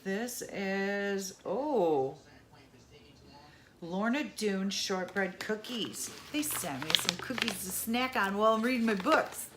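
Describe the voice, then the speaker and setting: A woman's voice: medium pitch, animated, slow, a crowd in the background. A middle-aged woman chatting casually as she unboxes a subscription box, exclaiming over each item. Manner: chatty, exclaims over items, laughs at own mispronunciation. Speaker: unboxing vlogger.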